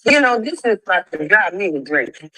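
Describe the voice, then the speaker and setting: A woman talking through a heated argument on a stream, exasperated and scolding. Her voice is bright and forceful, recorded close and dry. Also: mid-range voice, big pitch swings, moderate pace, dry recording, rough recording. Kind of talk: heated discussion of a reality show.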